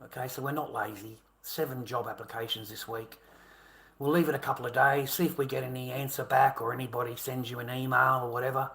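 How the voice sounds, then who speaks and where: A man's voice: medium pitch, level tone, a little fast, vocal fry, bright, forceful tone. An Australian man in his fifties in a rambling, aggrieved monologue to camera, swearing and repeating himself. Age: 50s. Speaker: vlogger.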